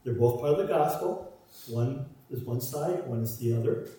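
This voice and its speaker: A man's voice: mid-range voice, normal speed, warm tone. A man preaching a sermon, stressing his points through repeated parallel phrases. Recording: roomy echo, voice from far off.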